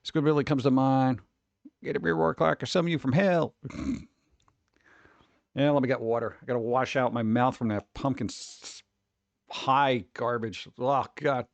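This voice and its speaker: A man's voice: medium pitch, fairly even intonation, unhurried, vocal fry, long pauses, no room sound, lo-fi sound. A tired man chatting casually on a livestream, rambling and sarcastic, reading chat messages aloud.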